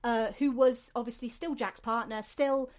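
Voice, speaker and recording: British woman, podcast host, casual rambling chat, somewhat high voice. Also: fairly even intonation, moderate pace. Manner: chatty, rambling with many ums and restarts.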